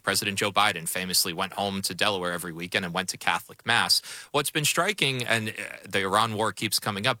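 A man reporting as a radio guest, explaining politics in a measured, explanatory way. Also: low-pitched, sharp tone, dry recording. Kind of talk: news analysis.

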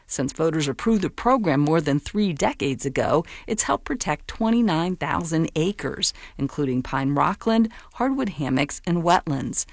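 Woman reporter, measured news read, gravelly edge, dry. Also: sits low, expressive, dry recording.

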